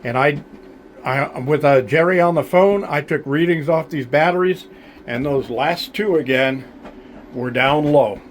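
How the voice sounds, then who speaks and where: A man delivers a blunt, aggravated rant straight to his vlog audience, stopping often on fillers. His voice sits a little high for a man. A faint hiss of background noise runs under the recording. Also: a little slow. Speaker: homesteading vlogger. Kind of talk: frustrated to-camera vlog rant.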